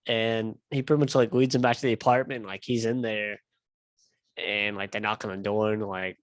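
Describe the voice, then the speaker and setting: A man's voice: fairly low pitch, little pitch movement, brisk, no echo. A young man hosting a casual podcast, telling a long story in a rambling, profane way full of fillers. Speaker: podcast host. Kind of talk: casual chat.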